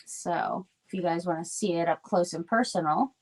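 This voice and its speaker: A middle-aged woman talks through her crafting on a live stream. Her voice sits fairly low, and her chat is loose and rambling, with plenty of ums and self-corrections. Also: normal speed, a little mellow. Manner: chatty and rambling, with many fillers and restarts. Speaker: crafting livestream guest.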